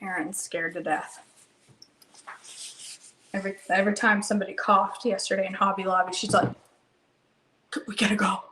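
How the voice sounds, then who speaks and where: A woman hosting a live cooking stream from her home kitchen, chatting excitedly and answering viewers by name. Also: mid-range voice, normal speed, long pauses, a little hiss or hum, poor audio. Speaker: cooking livestream host. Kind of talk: casual live cooking chat, reading comments.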